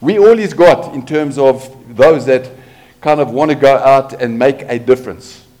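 A man's voice: medium pitch, a little slow, mellow. A man preaching a sermon, asking his congregation rhetorical questions as he goes. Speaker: pastor.

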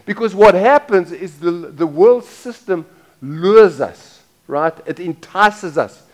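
A man's voice: high-pitched, animated, slow pace. A middle-aged man preaching a sermon as pastor, talking casually, repeating phrases and asking the congregation questions.

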